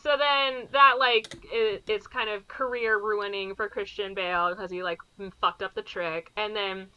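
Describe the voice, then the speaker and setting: A woman's voice: medium pitch, steady tone, sharp tone, clean tone, lo-fi sound. A woman co-hosting a podcast, casually recapping a movie plot in a rambling way, full of "like" fillers. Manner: rambling, fills every pause with "like". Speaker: podcast co-host.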